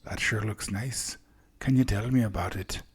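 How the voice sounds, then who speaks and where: A man voicing a kindly, slightly nervous man from afar who talks softly in a folksy, stammering way. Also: lowish voice, moderate pace, breathy edge. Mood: friendly. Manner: soft, warm, stammering, folksy speech.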